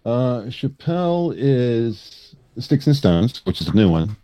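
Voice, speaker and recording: A man's voice: medium pitch, sing-song, takes it slowly, no room sound, dull audio. A man in a casual group chat, rambling and listing things off.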